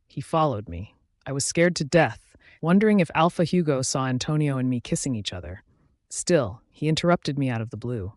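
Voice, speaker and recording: A man reading first-person audiobook narration in a steady storytelling voice. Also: mid-range voice, no echo, clean studio sound.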